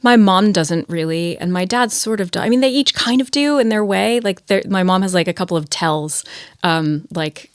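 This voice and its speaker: A woman's voice: medium pitch, normal speed, smooth, dry recording, clean studio sound. A woman from Long Island, New York, speaking as a guest writer in a casual podcast chat. She talks in a thoughtful, musing way, with loose restarts and fillers.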